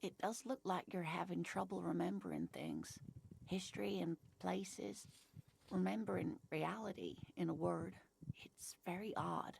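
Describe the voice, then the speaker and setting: Gravelly, breathy old lady. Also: lowish voice, animated, measured pace, darkish tone, full character voice. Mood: puzzled. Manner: sweetly patronizing, calls listener dear. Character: elderly woman, condescending and doting. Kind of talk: game voice acting.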